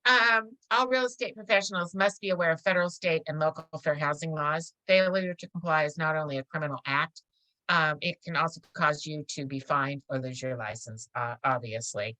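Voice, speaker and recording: A woman's voice: low-pitched, brisk, sharp tone, dry recording, rough recording. A middle-aged woman teaching a real estate course in a casual, chatty way, often laughing as she tells stories. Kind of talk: casual classroom lecture.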